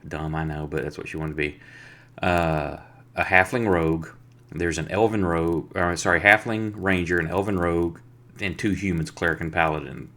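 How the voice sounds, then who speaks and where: A man's voice: sits low, fairly even intonation, normal speed, sharp tone. A man, the dungeon master, casually recapping a tabletop game session in a rambling storytelling way. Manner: rambling storytelling that acts out the players' lines.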